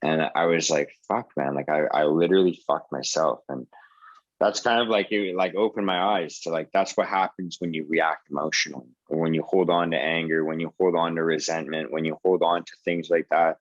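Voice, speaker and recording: Low-voiced young man, profane rambling story. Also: fairly even intonation, fairly quick, no room sound, highs cut off. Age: 20s. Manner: rambling, profane, lots of "like" and "dude". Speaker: support group host. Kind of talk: casual storytelling on a video call. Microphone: video call.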